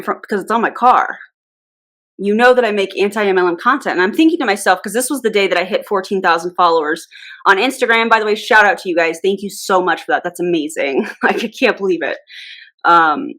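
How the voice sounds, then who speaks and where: A woman in her thirties talks straight to camera in a loose storytime vlog. She wanders off on tangents and acts out both sides of a conversation in her own mid-range voice. Her pitch sits right in the middle for a woman. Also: expressive, normal speed, a bit bright. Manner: chatty and rambling, with quoted dialogue. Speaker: anti-MLM YouTuber.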